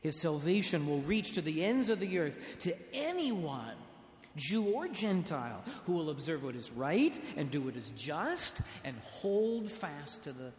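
Male preacher, unhurried and animated, slightly high voice, reverberant church. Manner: expressive, slow and deliberate, with dramatic pauses and acted quotes. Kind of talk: sermon. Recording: echoey church hall.

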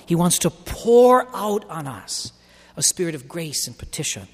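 Guy preaching a sermon, high voice, big dramatic emphasis, long echo like a church. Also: breathy edge. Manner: emphatic, dramatic, stretches key words.

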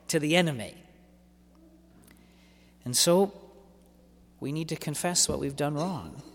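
A man giving a sermon as a preacher, speaking in an animated, emphatic way and driving his points home by repeating them. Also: on the high side, long reverb tail.

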